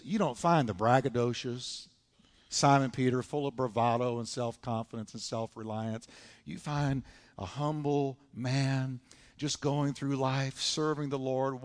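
A man preaching a sermon in a church, dramatic and emphatic, retelling scripture stories. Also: medium pitch. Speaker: pastor. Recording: long church hall reverb.

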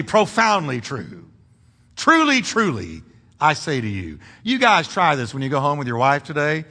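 A man's voice: sits high, bright, forceful tone, big-room sound. A man pastor delivering a sermon, emphatic and repetitive, mixing humor with preaching in a church. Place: church sanctuary.

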